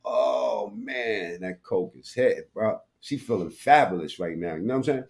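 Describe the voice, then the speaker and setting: A man's voice: fairly low pitch, lively intonation, normal speed, vocal fry, darkish tone. A man commentating live on a stream, crude and mocking, rambling in heavy slang with frequent profanity.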